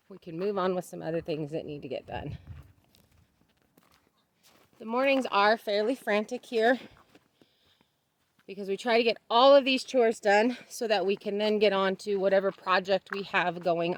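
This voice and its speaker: This is casual vlog narration from a homesteading woman who talks to her camera outdoors on a farm, chatting and addressing her animals sing-song style. Her pitch sits in the middle, her speed is normal, and she leaves long pauses.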